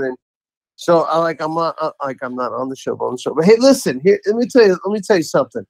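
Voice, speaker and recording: A man calls in to a podcast to tell a story, rambling enthusiastically and restarting often in casual chat. His voice is fairly high with big pitch swings, and he talks fast. The recording is rough, with no echo.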